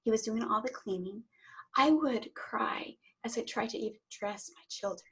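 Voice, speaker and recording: A woman's voice: a little high, moderate pace, slightly rough, rough recording. A middle-aged woman, a guest on an interview show, earnestly telling her own story and often repeating words as she starts a sentence. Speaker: interview guest, Reiki teacher. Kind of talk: personal story in conversation.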